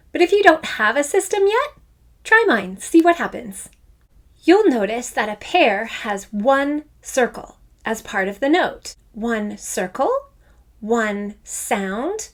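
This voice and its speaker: A middle-aged woman teaching an online children's music lesson in a playful, enthusiastic way. Her fairly high voice swings widely up and down as she talks. She speaks slowly and carefully so young students can follow. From Canada.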